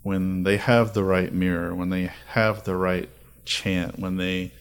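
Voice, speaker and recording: Low-voiced male host spinning eerie lore. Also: little pitch movement, a little slow, clear, resonant tone. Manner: storytelling, dramatic lists. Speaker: podcast host. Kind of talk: casual chat.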